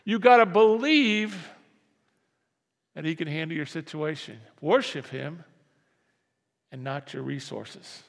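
Preaching man, high voice, gravelly edge, emphatic, repeats key lines, reverberant church hall. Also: slow, long pauses. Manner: emphatic, repeats lines, asks congregation to respond. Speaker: pastor. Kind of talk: sermon. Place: church sanctuary.

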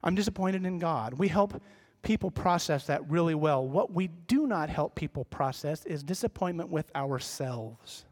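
A middle-aged man delivers a sermon to his congregation in a relaxed, conversational way, often laughing at his own faults. His voice sits high for a man. The sound carries a long reverb from the church hall. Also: a little slow, hardly any pauses. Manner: conversational, self-deprecating, acts out quoted voices. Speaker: pastor.

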